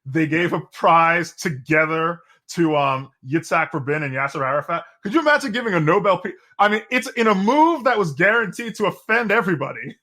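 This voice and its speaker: A man's voice: on the high side, expressive, brisk, hardly any pauses, sharp tone. A man co-hosting a podcast, chatting casually and sardonically about politics, rambling with frequent restarts. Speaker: podcast co-host.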